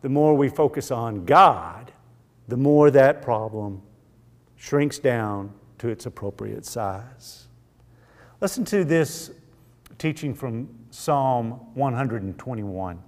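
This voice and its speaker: Slow, earnest man teaching Bible class. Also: medium pitch, lively intonation, in a large hall. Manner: earnest, emphatic, slow and deliberate.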